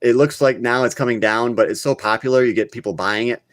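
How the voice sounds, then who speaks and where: Blunt excitable man, dry close sound. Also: medium pitch, quick pace, dry recording. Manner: blunt, excitable, scolds viewers as noobs. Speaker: crypto channel host. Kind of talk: live casual market talk.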